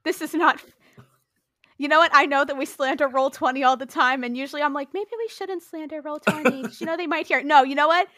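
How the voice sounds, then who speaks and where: Dry, bright-voiced Jersey woman player. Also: high voice, a little fast, no room sound. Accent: New Jersey. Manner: animated, exasperated, emphatic. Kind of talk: tabletop role-play chat.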